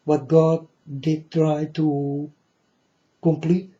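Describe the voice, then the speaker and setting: A man giving a preachy monologue to his viewers, halting often and grandly addressing them as folks. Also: fairly high pitch, level tone, dark tone. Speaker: self-styled preacher vlogger. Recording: dull lo-fi recording.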